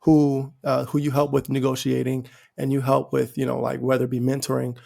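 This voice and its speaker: A male podcast host in a relaxed conversation, reflective and earnest, often filling his thoughts with "you know." His voice has a strongly gravelly, fry-laden edge at a mid pitch. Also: fairly quick. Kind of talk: conversational interview.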